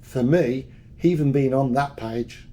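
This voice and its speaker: A man's voice: medium pitch, measured pace, mellow. An older man with a Birmingham accent, a podcast guest telling candid, jokey stories from a long career in music and PR. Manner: chatty, jokey, repeats words as he goes. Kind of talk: candid anecdotal storytelling.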